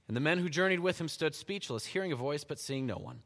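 A man preaching a sermon, reading scripture and retelling it in animated storytelling style with frequent chuckles. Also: on the high side, fast talker, few pauses. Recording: long hall reverb.

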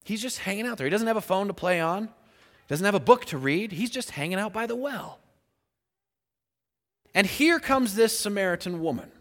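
A man's voice: high-pitched, animated, normal speed, long pauses, a bit bright, big-room sound. A man preaching a sermon, acting out the voices in the scripture story as he goes.

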